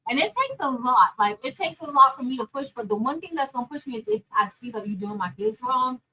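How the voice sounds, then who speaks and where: A woman chatting casually and telling a story straight to her viewers, animated, calling them y'all and girl. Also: high-pitched, a little fast, husky, rough recording. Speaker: crafting vlogger and teacher.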